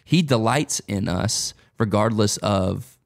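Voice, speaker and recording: Co-host, low voice with gravel, easygoing and joking, asks the questions. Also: male voice, takes it slowly. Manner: relaxed, joking, prompts with questions. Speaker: podcast co-host. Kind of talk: casual podcast discussion.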